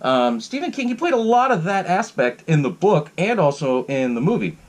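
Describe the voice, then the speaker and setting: Fairly high-pitched and sing-song, a man speaks at normal speed while running through a casual, rambling solo recap of a horror film on his podcast. He swears freely and breaks into laughter between sentences.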